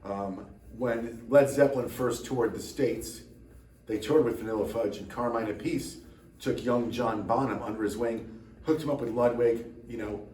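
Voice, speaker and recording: A tired man rambles to camera in a relaxed chat, poking fun at himself with dry jokes. His voice sits in the middle range. The mic is set back from him, and the room adds a noticeable echo over a faint background hum. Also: mid-range voice, normal speed, recorded from a distance. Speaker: drummer and channel host.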